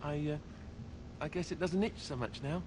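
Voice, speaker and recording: A man's voice: fairly high pitch, moderate pace, background noise, natural voice. An actor playing a whiny, sheepish young male warrior in a video game.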